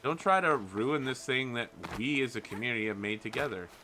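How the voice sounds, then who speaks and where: A man talking over his gameplay in a very bright, sharp voice. He rants in a blunt, exasperated way, and his pitch sits in a middle register. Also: animated, a little fast, a little hiss or hum. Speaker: gaming channel host. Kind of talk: let's play commentary.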